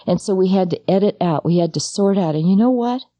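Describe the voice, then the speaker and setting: A middle-aged woman, a psychologist and grieving mother, giving a personal talk on grief, speaking straight to the listener in a halting, intimate way. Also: mid-range voice, mellow, dry recording.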